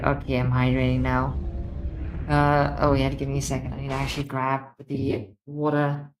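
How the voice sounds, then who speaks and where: A young woman streaming a game, chatting and reacting excitably to what happens on screen. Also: rumbling low, normal speed, noisy background. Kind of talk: live game stream commentary.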